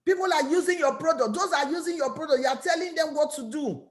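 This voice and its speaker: A woman with a Nigerian English accent gives an energetic motivational talk about her network marketing business, often repeating and restarting words. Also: sits high, fast. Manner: energetic, repetitive, preachy.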